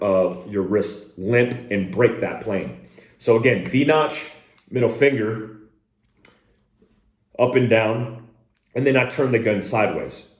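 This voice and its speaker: A man's voice: medium pitch, darkish tone. A man teaching a hands-on shooting lesson as a firearms instructor, speaking directly and plainly and barking short drill commands. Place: indoor room with a door. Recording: roomy echo.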